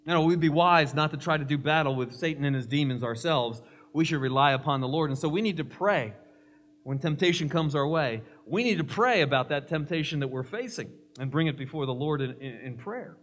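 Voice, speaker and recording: A man's voice: fairly high pitch, brisk, fairly bright tone. Emphatic male pastor preaching. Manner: emphatic, storytelling with humor. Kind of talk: sermon.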